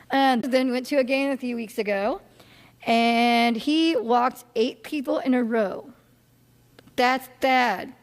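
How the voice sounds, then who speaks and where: A woman teaching a political science class in a casual, chatty way, with many fillers and restarts, putting questions to her listeners. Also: high voice. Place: classroom or lecture hall. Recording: long hall reverb.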